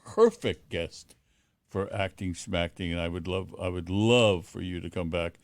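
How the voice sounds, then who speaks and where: A middle-aged man hosting a podcast, talking with effusive warmth and stammering restarts. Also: sits low, measured pace, no echo. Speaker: podcast host. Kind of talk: warm casual phone interview.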